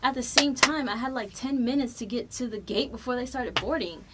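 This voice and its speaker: A young adult woman hosting a podcast, telling a travel story in a loose, animated way with plenty of swearing. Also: fairly high pitch, brisk, heavy background noise. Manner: profane, animated, loose and chatty. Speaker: podcast host. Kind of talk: casual storytelling.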